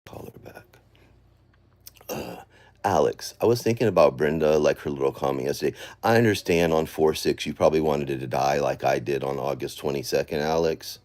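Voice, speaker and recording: A man's voice: very deep voice, normal speed, a little mellow. A man livestreaming an emotional apology from his phone at home, frustrated and swearing, muttering to himself.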